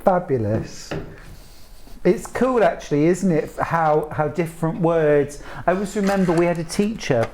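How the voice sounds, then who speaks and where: A woman's voice: lowish voice, animated, normal speed, darkish tone, slight background noise. A woman presenting a live craft shopping broadcast, chatty and enthusiastic as she reads out viewer messages. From United Kingdom.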